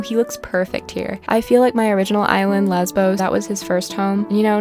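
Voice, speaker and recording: A woman chatting her way through a video game in a casual, meandering commentary. She jumps between tangents with deadpan humor and tosses sarcastic remarks at characters on screen. Her voice sits at a middle pitch and sounds a little short of breath. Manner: rambling, tangential, deadpan joking. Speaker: gaming YouTuber.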